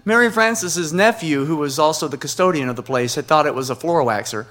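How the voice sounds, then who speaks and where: A man telling a long comic story on stage in an animated, playful way. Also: fairly high pitch, a little fast, slight background noise. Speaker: comedian. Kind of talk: stand-up storytelling.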